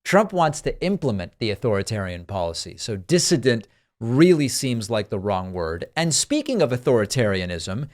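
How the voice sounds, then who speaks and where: A man's voice: medium pitch, sing-song, normal speed, a little mellow. A man hosting a political news commentary show, delivering dry, sarcastic remarks. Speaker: host.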